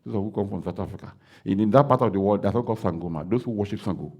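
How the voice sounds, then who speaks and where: A Nigerian man, a pastor, preaching a sermon and acting out the dialogue of a story he tells, breaking into loud declarations. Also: fairly low pitch, rapid-fire, slightly rough.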